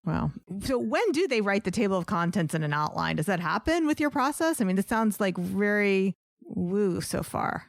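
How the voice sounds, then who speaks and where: A woman's voice: medium pitch, big pitch swings, moderate pace, creaky, no echo, studio quality. A woman hosting a podcast interview, asking curious, conversational questions. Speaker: podcast host.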